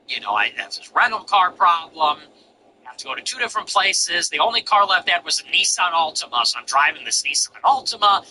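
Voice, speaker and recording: A man's voice: on the high side, sing-song, a little fast, sharp tone, a little hiss or hum, rough recording. A man hosting a livestream, chatting bluntly and telling brash stories. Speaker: livestream host. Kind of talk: livestream chat.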